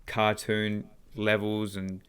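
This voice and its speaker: A man's voice: on the low side, completely flat delivery, slow, a bit bright, smooth. A young man chatting as a podcast guest in a laid-back, easygoing way. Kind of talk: casual podcast chat.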